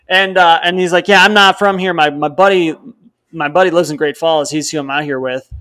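A young man from Wisconsin tells a long hunting story in a loose, rambling way, fairly high-pitched, and acts out bits of dialogue as he goes. He co-hosts a podcast and talks casually. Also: moderate pace. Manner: rambling storyteller, animated, quotes others in dialogue. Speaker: podcast co-host.

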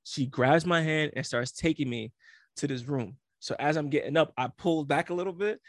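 A young man in casual chat, telling a story in a slangy, animated way and acting out the other people in it. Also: fairly high pitch, normal speed, dry recording, studio quality. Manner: slangy, animated storytelling with frequent laughs and acted-out quotes.

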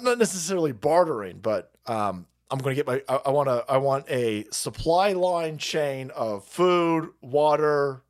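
A foul-mouthed man in middle age hosts a live stream, his pitch rising and falling a great deal as he rants. He rambles and mocks, then stops to thank viewers for their donations. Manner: reads donor messages aloud. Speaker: livestream host. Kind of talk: profane political rant and chat reading.

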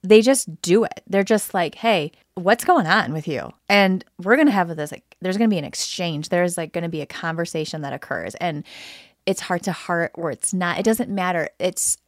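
Frank, emphatic woman with a low voice. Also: lively intonation, normal speed, no room sound, clean studio sound. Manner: emphatic, frank, repeats phrases for stress. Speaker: podcast co-host. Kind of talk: candid couple conversation.

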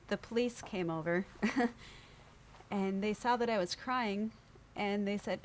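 Animated woman telling a story. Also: medium pitch, a little slow, a little hiss or hum. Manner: animated storyteller, acts out other voices, laughs often. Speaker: podcast guest. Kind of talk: casual storytelling interview.

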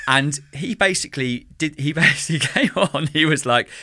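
On a casual podcast he co-hosts, a man grows animated and passionate about music teaching, scatting drum patterns out loud. His voice sits on the high side at a moderate pace, with a little hiss or hum in the recording.

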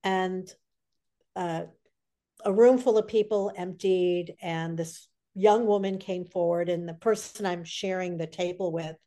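A woman's voice: lowish voice, fairly even intonation, unhurried, mellow. A woman guest author telling a story in a casual way, with fillers along the way. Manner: anecdotal, with fillers.

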